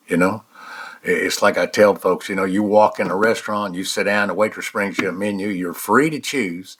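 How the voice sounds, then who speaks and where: Man in his 70s, deep voice, folksy teacher walking listeners through a mind exercise. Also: breathy edge. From United States. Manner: folksy, repeats "all right?" and "okay?"; slow, soft-spoken guidance. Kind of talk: guided eyes-closed exercise talk.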